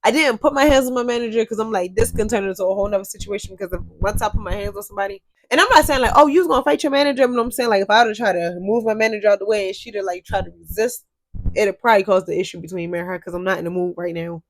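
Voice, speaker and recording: A young woman telling a workplace drama story to her viewers, animated and profane, often addressing them directly. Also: mid-range voice, rapid-fire. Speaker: store cashier telling a story. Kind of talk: storytime vlog.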